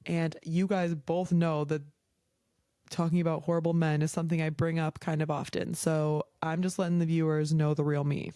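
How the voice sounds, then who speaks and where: A woman's voice: low-pitched, level tone, normal speed, warm tone, no echo. A young woman hosting a podcast, chatting casually and frankly, heated and swearing often, with a lot of "like". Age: young adult. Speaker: podcast host. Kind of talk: casual chat.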